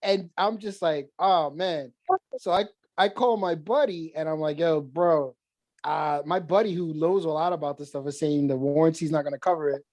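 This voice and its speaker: A man's voice: on the high side, moderate pace, dry recording. A man co-hosting a casual podcast, telling stories with lots of swearing and laughter. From New York. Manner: animated storyteller, swears often, laughs mid-sentence. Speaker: podcast co-host.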